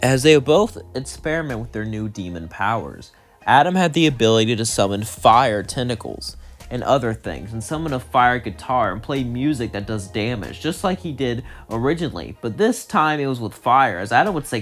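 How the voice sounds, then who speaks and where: Man narrator, casual fan-fiction storytelling, run-on sentences, middle pitch, faint music under. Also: lively intonation, normal speed, a bit bright.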